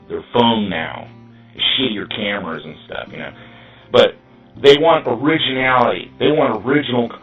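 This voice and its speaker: A man's voice: mid-range voice, roomy sound, far from the mic, muffled recording. A man hosting his own show, bitterly ranting with profanity in a rambling monologue. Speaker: podcast host.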